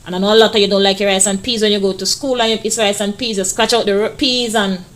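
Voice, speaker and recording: A woman's voice: medium pitch, steady tone, fast talker, fairly bright tone. A woman teacher, walking children through test answers in a chatty way and stretching words to stress them.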